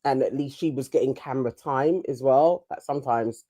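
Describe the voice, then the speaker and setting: A woman's voice: rumbling low, fairly quick, mellow. A woman co-hosting a casual chat, chatty and giggly, laughing often. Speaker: co-host reviewing a reality show.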